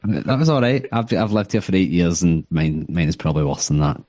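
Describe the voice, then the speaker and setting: Man, podcast guest, very low voice, dry close sound, wry laid-back banter. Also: a little fast, a little mellow, dry recording. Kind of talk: casual podcast chat.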